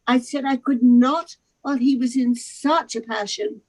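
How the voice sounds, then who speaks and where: A woman narrating a novel aloud, expressive, with occasional stumbles over the words. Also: high-pitched, a little slow, rough recording. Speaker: narrator in a charity readathon.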